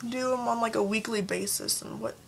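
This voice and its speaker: A young woman vlogger ranting casually to camera about her pet peeves, chatty, with sudden jumps up in pitch. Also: fairly even intonation, a little fast, creaky, a bit bright, a little hiss or hum.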